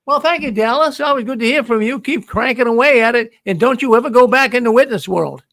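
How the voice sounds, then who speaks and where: A man's voice: extremely high pitch, fast, fairly bright tone, dry recording. A man with a Boston accent hosting a call-in show, talking in a friendly, repetitive way with frequent stammering restarts. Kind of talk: casual call-in show chat.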